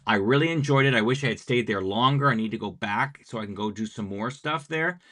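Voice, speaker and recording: An American man with a mid-range voice, chatting in an interview. He tells his stories in a lively, anecdotal way and slips into short acted-out bits of conversation. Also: medium pitch, fairly quick. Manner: lively anecdotal, acts out quoted dialogue. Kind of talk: conversational storytelling.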